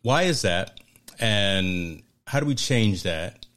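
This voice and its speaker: Low-voiced friendly interview host. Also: male voice, animated, slow, fairly bright tone. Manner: friendly and hesitant, many repeated words, calls guest "brother". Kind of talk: casual conversational interview.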